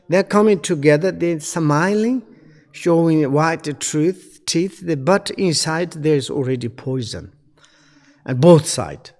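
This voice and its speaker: A Buddhist teacher, a man, gives a dharma seminar in halting English, often restarting and repeating phrases. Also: on the high side, a little mellow, long reverb tail. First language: Tibetan.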